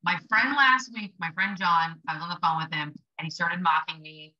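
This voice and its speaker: A woman's voice: lowish voice, normal speed, bright, forceful tone, muffled recording. A young adult woman hosting a casual motivational live stream for small business sellers, chatty and blunt, swearing for emphasis. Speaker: livestream host coaching small business sellers.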